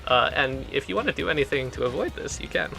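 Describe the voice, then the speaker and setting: A man running a tabletop role-playing game as game master, narrating scenes and explaining rules in an animated way. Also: medium pitch, fast talker, gravelly, faint music behind. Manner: animated, laughs between lines.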